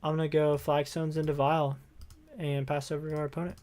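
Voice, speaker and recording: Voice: mid-range voice, little pitch movement, a little fast, a little mellow. A streamer giving casual live commentary while playing a card game, thinking aloud in an upbeat, easygoing way.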